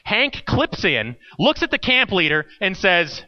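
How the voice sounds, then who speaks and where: A man preaching a sermon, telling a story with acted quotes and dramatic pauses. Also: very high-pitched, sing-song, muffled recording. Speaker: pastor.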